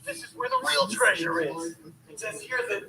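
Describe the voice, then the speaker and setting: A man with a goofy, jokey delivery acts out a comedy sketch. His voice is very high and bouncy. He sounds set back in an echoey room with noise around. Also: huge pitch swings, moderate pace, sharp tone, recorded from a distance.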